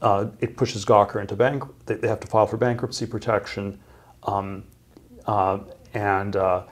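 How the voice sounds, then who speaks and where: A middle-aged man telling a long story as an interview guest, halting, with many fillers and restarts. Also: lowish voice, little pitch movement.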